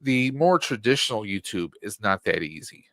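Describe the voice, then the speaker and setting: A man's voice: fairly low pitch, animated, moderate pace, fairly bright tone, no echo. A man in his mid-forties, a podcast guest, talking casually and rambling with frequent fillers. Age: 40s. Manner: rambling, lots of fillers like um and you know.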